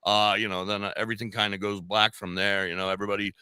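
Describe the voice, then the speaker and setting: A man's voice: fairly low pitch, little pitch movement, fast talker, bright, forceful tone, clear, resonant tone, dry recording. A man in his forties with a Long Island New York accent, co-hosting a podcast and telling a long story in a rambling way, swearing casually and restarting his sentences. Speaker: podcast co-host.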